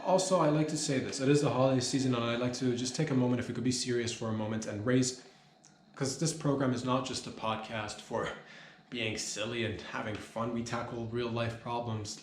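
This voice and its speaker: A man rambles through a deadpan comedy monologue in a mock-serious tone, with plenty of "dude" and "man" thrown in. His voice sits in a middle register and sounds roomy and echoey, with a faint hiss of noise underneath. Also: medium pitch. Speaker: comedy podcast host.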